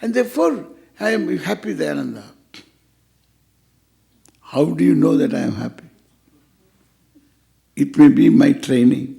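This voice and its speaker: An older man leads a scripture class with a playful, teasing humor, acting out little exchanges as he goes. His voice is gravelly and pitched fairly high, swinging widely up and down. He sounds like a spiritual teacher at ease with his students. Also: big pitch swings, measured pace, long pauses, dark tone. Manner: playful, teasing, acts out quoted dialogue.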